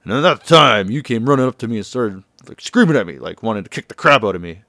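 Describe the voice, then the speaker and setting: A man's voice: medium pitch, sing-song, fast, pushed and bright, no echo, studio quality. A man loosely paraphrasing a tough, stern male ex-yakuza mentor lecturing a younger man, in a casual game recap.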